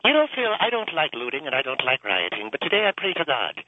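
A man's voice: on the high side, huge pitch swings, fast talker, narrow, tinny audio, background noise. A man voicing a pious but violent older Irish priest who used to be a cop, with a lilting Irish accent and a preachy sing-song delivery. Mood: boastful. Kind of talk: comedy radio sketch.

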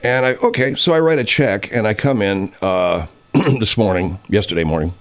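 A man's voice: fairly low pitch, moderate pace. A man over fifty, a radio host, telling a rambling, profane story in casual chat and putting on voices when he quotes people.

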